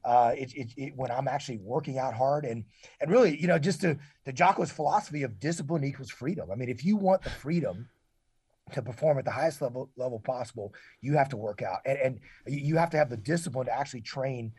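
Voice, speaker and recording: A man's voice: mid-range voice, fast talker, a little mellow, slightly rough, no echo. A man in his forties speaking earnestly as a podcast guest, often restarting and repeating words as he talks. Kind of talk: casual interview talk.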